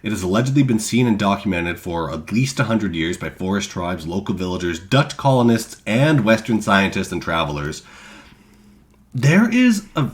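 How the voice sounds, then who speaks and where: A man's voice: fairly low pitch, sing-song, normal speed. A man co-hosting a podcast, reading researched notes in a casual way with self-deprecating asides. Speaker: podcast co-host presenting cryptids.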